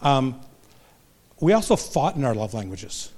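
A man's voice: medium pitch, big pitch swings, a little slow, a little mellow. An older man, a pastor and marriage counselor, giving a humorous, self-deprecating talk to a live audience. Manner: self-deprecating, joking storyteller.

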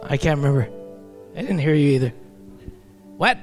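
A man's voice: fairly high pitch, lively intonation, moderate pace, music in the background. A man preaching a sermon in a conversational way, with joking asides to the congregation. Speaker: pastor.

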